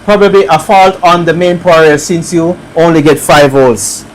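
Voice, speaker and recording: A man's voice: fairly high pitch, fairly even intonation, normal speed, a little hiss or hum, low-quality recording. Chatty Jamaican man streaming a repair. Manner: chatty, reads viewer comments aloud, thinks out loud. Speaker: electronics repair live-streamer. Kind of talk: casual live-stream chat while working.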